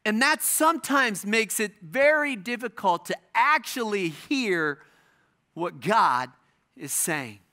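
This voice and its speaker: A middle-aged male pastor preaching a sermon, stressing his points with repetition and dramatic pauses. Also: sits high, very animated, bright, forceful tone.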